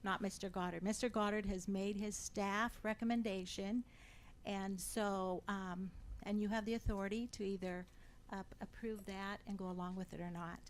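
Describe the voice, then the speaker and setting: Deliberate, pointed woman commenter. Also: mid-range voice, steady tone, slight background noise, low-quality recording. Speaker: public commenter. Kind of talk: public comment at a council meeting.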